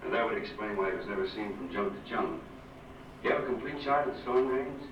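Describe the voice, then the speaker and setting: An actor playing a brisk, businesslike police lieutenant in an old 1950s film. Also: male voice, lowish voice, a little hiss or hum, lightly acted. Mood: clipped. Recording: roomy lo-fi old film audio.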